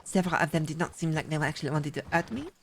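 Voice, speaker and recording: A woman's voice: low voice, racing, a little hiss or hum. A woman voicing a fussy, gossipy French artist, a frontier-era busybody who speaks formally without contractions, in an in-character roleplay chat. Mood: fretful.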